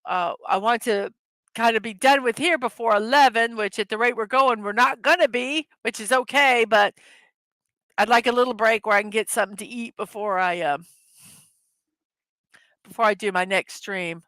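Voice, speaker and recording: A woman's voice: fairly high pitch, normal speed, a bit bright, no room sound. A woman hosting a casual morning livestream, chatting loosely, laughing easily at her own jokes and correcting herself mid-sentence. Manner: rambling, self-correcting. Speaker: livestream host.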